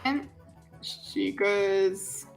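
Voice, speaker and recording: A woman's voice: mid-range voice, very slow, gravelly. A woman chatting to her viewers on a live stream. She rambles and fills her speech with ums and restarts. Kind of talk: casual live-stream commentary. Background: faint background music.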